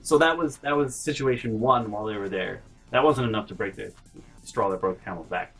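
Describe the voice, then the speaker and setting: Male vlog host, husky voice, rambling storyteller who trails into mutters. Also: on the low side, fairly quick, fairly bright tone, faint music behind, rough recording. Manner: rambling, self-interrupting, drops to mutters.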